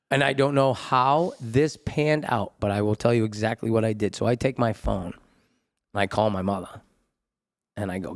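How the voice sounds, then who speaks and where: A male comedian, hosting and telling stories in a casual chat, animated, jumping into high voices for quotes. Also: moderate pace, vocal fry. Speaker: comedian and podcast host. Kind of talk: casual storytelling.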